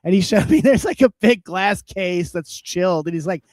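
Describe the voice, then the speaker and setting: A man helping host a livestream rants and swears through his stories, laughing a lot in relaxed comic chat. His high voice is animated yet darkish in tone, at normal speed and without echo.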